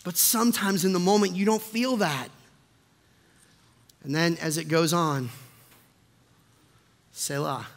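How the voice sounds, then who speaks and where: A man preaching a sermon as pastor, impassioned, swinging from hushed reflection to loud urgent questions. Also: a little high, steady tone, takes it slowly, long pauses. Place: church sanctuary. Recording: long hall reverb.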